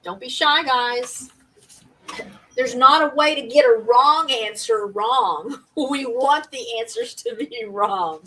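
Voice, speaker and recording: A woman's voice: on the high side, slow pace, bright, forceful tone, recorded from a distance, a little hiss or hum, low-quality recording. A woman hosting a casual live-stream party game, chatty and laughing often as she reads out viewer comments.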